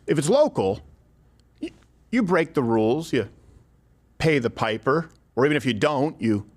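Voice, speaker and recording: A man hosting a commentary show, speaking emphatically and rhetorically straight to his viewers. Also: mid-range voice. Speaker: commentary host. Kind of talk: scripted political commentary.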